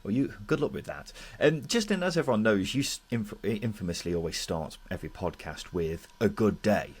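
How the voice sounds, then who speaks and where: A man from England hosts a casual football podcast in a low, slightly husky voice. He sounds upbeat and jokey, leading the chat and reading listener comments aloud. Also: expressive, brisk. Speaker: podcast host.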